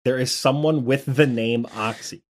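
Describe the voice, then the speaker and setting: A man's voice: medium pitch, steady tone, normal speed. Rambling man co-hosting a podcast. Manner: rambling and self-deprecating, heavy use of filler words. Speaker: podcast co-host. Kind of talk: casual gaming podcast chat.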